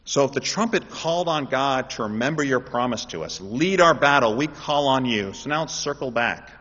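A man preaching a sermon in an animated way, building up to loud, emphatic calls. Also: medium pitch, normal speed, breathy edge. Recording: dull sound with long hall reverb.

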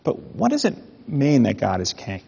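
A man preaching a sermon in an animated way, with mock-indignant asides. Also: medium pitch, normal speed, creaky, slight background noise. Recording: dull sound in a reverberant hall.

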